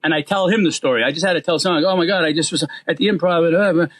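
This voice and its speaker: Male guest comic, 50s, Boston accent, rapid-fire animated storyteller. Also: on the high side. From Boston area. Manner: fast-talking, animated storyteller. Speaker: guest comedian. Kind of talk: storytelling in casual interview.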